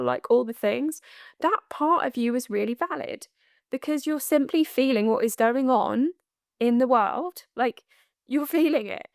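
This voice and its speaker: A woman's voice: sits high, measured pace, creaky, dry recording, clean studio sound. A woman hosting a solo spiritual coaching podcast, chatty and laughing often, with frequent asides. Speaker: podcast host.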